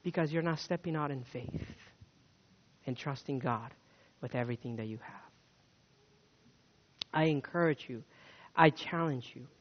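A man preaching a sermon with dynamic swings between loud urging and hushed words, telling stories with acted quotes. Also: mid-range voice, a little slow, pauses often. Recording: dull sound with long hall reverb.

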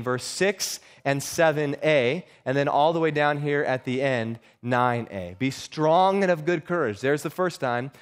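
A man preaching an earnest sermon in a conversational way. His pitch sits in an ordinary middle range, and he changes his voice for the scriptures and people he quotes. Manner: earnest, conversational, uses vocal shifts for quoted lines.

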